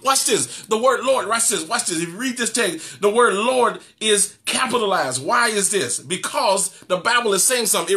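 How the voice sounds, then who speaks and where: A man pastor preaching an animated sermon, repeating phrases and laughing as he goes. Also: sits high, normal speed, few pauses.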